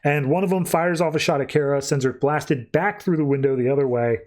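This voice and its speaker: A man's voice: on the high side, fairly quick, a little mellow. A man hosting a podcast, casually retelling a comic-book story in a chatty way full of filler words. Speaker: podcast host.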